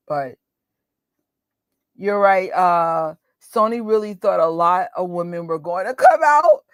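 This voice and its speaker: A woman in her forties, hosting a movie watch party, talking in a chatty, animated and exclamatory way. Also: on the low side, measured pace, no room sound, clean studio sound. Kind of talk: casual chat.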